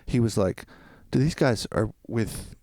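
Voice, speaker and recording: A man, a podcast guest, telling a long anecdote in casual chat and quoting people in quick voices. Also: on the low side, animated, a little mellow, no room sound, studio quality.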